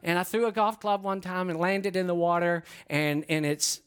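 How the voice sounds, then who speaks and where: A middle-aged man preaching, telling an animated, self-deprecating story and asking the congregation questions. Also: high-pitched, moderate pace, smooth. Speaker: pastor. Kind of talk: storytelling sermon. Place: church before a congregation.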